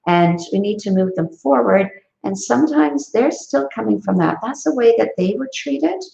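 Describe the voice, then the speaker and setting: A woman's voice: on the high side, animated, normal speed, creaky, dark tone. A woman who founded an education company, giving earnest parenting advice in a live online Q&A over a video call, with many fillers and restarts. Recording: echoey, dull lo-fi sound.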